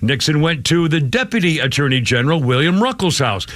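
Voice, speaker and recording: An older man hosts a political talk radio show, his voice a touch high. He rambles through stories, chuckling, then turns indignant. The studio sound is dry and close. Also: big pitch swings, normal speed, hardly any pauses, a bit bright, no echo. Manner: rambling, indignant, laughs while telling stories. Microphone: studio microphone.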